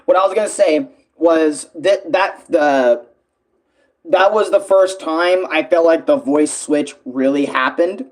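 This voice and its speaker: A man's voice: fairly high pitch, takes it slowly. A man chatting loosely about his own song cover, swearing and restarting sentences often. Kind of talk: casual rambling commentary.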